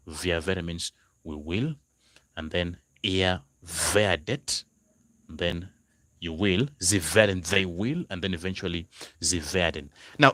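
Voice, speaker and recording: A deep-voiced man teaches a live online language class, going over each example again and again and spelling words out letter by letter. The sound is dry and close, with no room echo. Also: a bit bright. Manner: slow, repetitive explaining, spelling out words, greeting viewers. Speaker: German language tutor.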